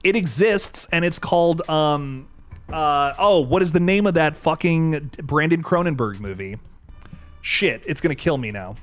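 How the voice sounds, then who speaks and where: A man's voice: a little high, lively intonation, a little slow. A young adult man hosting a live horror stream, chatting casually with frequent swearing and restarts, faint music underneath. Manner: laid-back, swears often, many restarts. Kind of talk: casual livestream chat.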